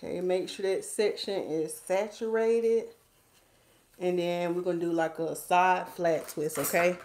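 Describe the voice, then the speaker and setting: A woman's voice: fairly low pitch, steady tone, measured pace, darkish tone, reverberant. A woman, a hair stylist chatting playfully with viewers while doing a hair tutorial at home. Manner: chatty, playful, talks to viewers as y'all, reads comments aloud. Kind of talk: casual livestream hair tutorial chat.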